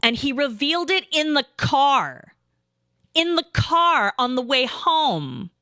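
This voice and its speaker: Woman streamer, rambling profane anecdote, bright slightly high voice, dry close sound. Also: sing-song, slow pace, no echo. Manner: rambling, profane, with lots of asides. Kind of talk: casual storytelling.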